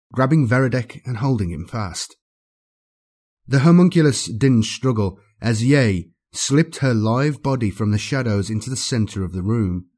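A man narrating an audiobook with a dramatic, expressive reading. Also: fairly low pitch.

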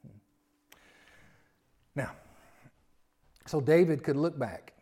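A male pastor preaching a sermon, swinging from loud emphatic lines to quiet asides and stacking rhetorical questions. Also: medium pitch, takes it slowly, long pauses. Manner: repetitive, building lists of rhetorical questions.

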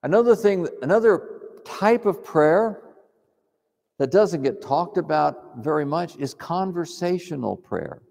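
A man preaching in a calm, reflective, conversational way, teaching on prayer. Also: a little high, unhurried, vocal fry. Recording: long hall reverb.

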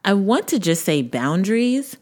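A woman's voice: medium pitch, sing-song, moderate pace, a little mellow. A woman in her thirties co-hosting a podcast, chatting casually and animatedly, laughing often and acting out quotes. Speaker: podcast co-host. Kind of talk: casual chat.

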